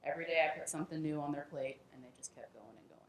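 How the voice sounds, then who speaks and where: A woman's voice: deep voice, very fast, slight background noise. A woman math teacher speaking proudly about her class at a graduation. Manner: upbeat and proud. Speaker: math instructor. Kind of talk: graduation speech. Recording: echoey hall.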